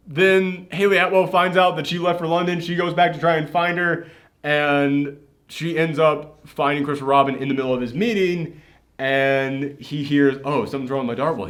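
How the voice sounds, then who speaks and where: A man's voice: fairly high pitch, a bit bright. A man hosting a casual movie reaction chat, retelling scenes with animation and acting out the characters' lines. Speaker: podcast host.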